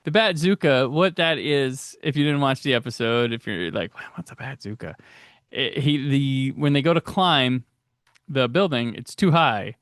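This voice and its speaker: A man's voice: mid-range voice, lively intonation, normal speed, fairly bright tone, no echo, studio quality. A man hosting a casual commentary podcast, chatty and laughing often, restarting his sentences. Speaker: podcast host.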